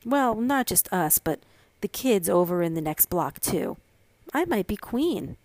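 A woman voicing an excitable, scheming little girl who talks eagerly and a bit whiny in a storybook reading. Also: mid-range voice, measured pace, no room sound. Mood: excited.

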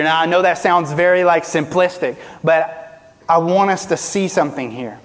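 A man preaching a sermon as pastor, asking the congregation rhetorical questions, rising and dropping from loud to quiet. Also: normal speed, long reverb tail. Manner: preaching with rhetorical questions, pitch and volume swinging widely.

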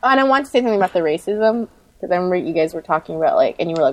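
A woman in casual conversation, talking in a loose, chatty way full of fillers and quick laughs. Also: on the low side, no room sound, rough recording. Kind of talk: casual chat.

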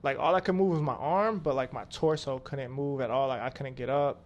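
A man, a rapper, guesting on a podcast and telling stories in a casual, slangy, animated way, often laughing. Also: mid-range voice, a little fast, dull audio. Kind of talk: casual storytelling chat.

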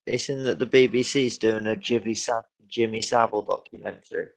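A man's voice: fairly low pitch, fairly even intonation, a little fast, creaky, no room sound. A man in a crude casual chat, making dry ironic remarks.

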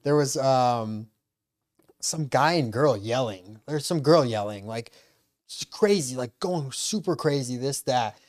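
A man's voice: medium pitch, expressive, a little slow. A young man hosting a podcast in casual chat, easygoing and laughing often. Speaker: podcast host.

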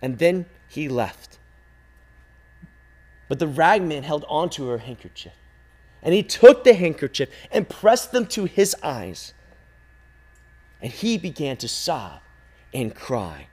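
Slow, expressive male storyteller. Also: fairly high pitch, breathy edge. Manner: slow, expressive telling, swinging from loud calls to hushed near-silence. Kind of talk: dramatic storytelling.

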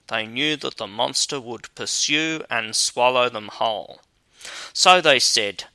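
A man reading a fairy tale aloud as an audiobook narrator, in a measured, even manner. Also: mid-range voice, dry recording. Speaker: audiobook reader. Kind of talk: storybook narration.

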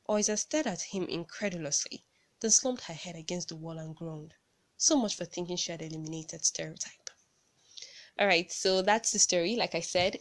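A woman's voice: lowish voice, moderate pace. Chatty Nigerian woman podcaster. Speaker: podcast host. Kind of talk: casual podcast talk and storytelling.

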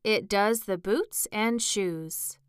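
A woman reading as the Gryphon, a bossy male beast from a storybook who lectures with impatient solemnity. The voice is smooth and sits on a dry close mic, taken at a measured pace. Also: mid-range voice, animated, a bit bright, no echo.

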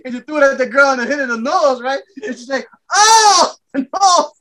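A man co-hosting a casual podcast spins a profane, animated story and keeps breaking into laughter. His voice sits high and sounds sharp and bright. He voices each person in the tale himself. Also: rapid-fire. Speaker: podcast co-host.

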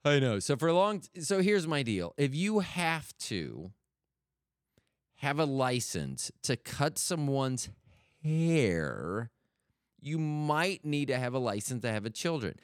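A man's voice: mid-range voice, sing-song, slow pace, smooth, no room sound, studio quality. A middle-aged man hosting a solo podcast, rambling and joking as he keeps cutting himself off. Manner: rambling, self-interrupting, jokey. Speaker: podcast host.

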